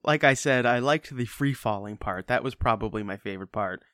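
A man casually chatting about a movie, rambling and joking, with quick silly impressions. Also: mid-range voice, fairly bright tone, no echo, studio quality. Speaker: podcast co-host. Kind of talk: casual film review chat.

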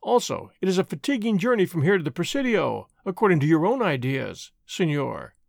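A man's voice: fairly high pitch, very animated, fairly quick, gravelly, no echo, clean studio sound. A man reading the part of a haughty, touchy army captain, stiff and prickly.

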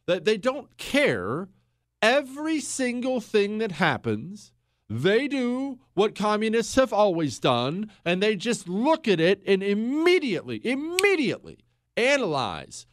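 A man runs a political radio monologue in a sarcastic, scolding tone and sometimes shouts to make a point. His voice sits fairly high for a man. The studio sound is dry and close, with no room around it. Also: big pitch swings, measured pace, dry recording. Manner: combative, sarcastic, shouts for emphasis. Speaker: radio talk show host.

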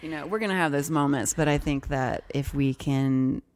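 Low-voiced, blunt podcast co-host woman. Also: normal speed, a little mellow. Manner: blunt, frank, laughs easily. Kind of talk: casual chat.

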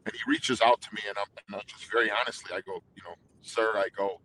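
An intense, talkative man tells stories in a casual interview, jumping in with restarts. His voice is bright and forceful. A faint rumble sits under the recording. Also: fast talker, hardly any pauses, poor audio. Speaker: guest singer.

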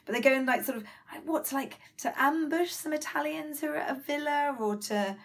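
A woman's voice: high-pitched, a little fast. A woman co-hosting a podcast, recapping an episode in a rambling, casual way. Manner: rambling recap, many fillers. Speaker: podcast co-host. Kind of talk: casual chat.

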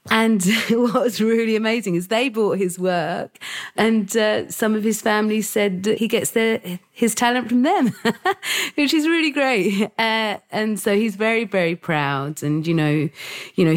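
A woman with a slightly low voice talks as a podcast guest. She speaks haltingly and tearfully, restarting her sentences and filling pauses as she goes. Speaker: podcast guest, founder of an arts organisation. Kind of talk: emotional interview talk.

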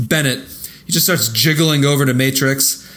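A man's voice: medium pitch, steady tone, moderate pace, fairly bright tone. A man co-hosting a podcast, recapping a film plot in a casual, laughing, profane way. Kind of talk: casual chat.

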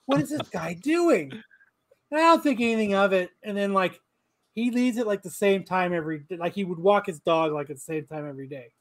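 Man with a high voice, foul-mouthed animated storyteller, podcast banter. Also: moderate pace. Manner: profane, animated anecdote-telling. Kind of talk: casual podcast chat.

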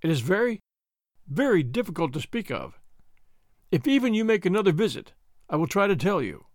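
A man voicing a troubled railway signalman who speaks in a low, hushed and grave way. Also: sing-song, brisk, no echo, clean studio sound. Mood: uneasy. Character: haunted, troubled middle-aged male railway signalman.

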